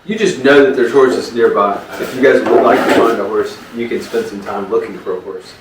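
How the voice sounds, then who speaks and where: A man's voice: lowish voice, a little fast. Rambling game master man, roomy sound. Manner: rambling, many fillers and restarts. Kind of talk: casual narration of a tabletop game. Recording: roomy, distant, noisy table recording.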